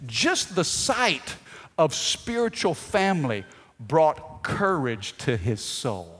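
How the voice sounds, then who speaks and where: A man preaching a sermon as pastor, telling stories with animated delivery and shouting out quoted lines. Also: on the high side, slow, husky. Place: church sanctuary. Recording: long hall reverb.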